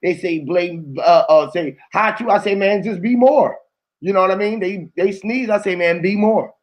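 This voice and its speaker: High-pitched dude rambling thru a story, loud slangy chat, does all the voices. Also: male voice, moderate pace, low-quality recording.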